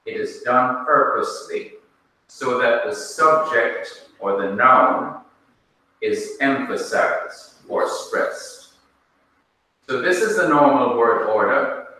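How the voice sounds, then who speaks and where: Slow, deliberate Jamaican teacher in echoey room. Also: male voice, mid-range voice, bright, forceful tone. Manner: slow, deliberate, checks students with questions. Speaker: Bible teacher. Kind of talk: classroom lecture. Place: classroom. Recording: echoey room, mic far off.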